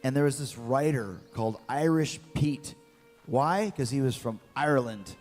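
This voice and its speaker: A man's voice: mid-range voice, moderate pace. Middle-aged man telling wrestling stories. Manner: lively anecdotal storytelling with repeated words. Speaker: guest, former wrestler. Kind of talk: storytelling in an interview. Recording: long reverb with faint music.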